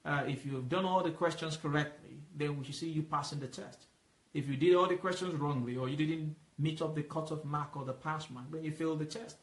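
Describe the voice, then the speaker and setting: A man's voice: a little high, steady tone. A man leading a Bible study, explaining patiently and asking questions for the listener to fill in. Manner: asks questions and lets the listener fill in the answer; explains patiently, repeating points slowly. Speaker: Bible teacher. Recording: roomy echo.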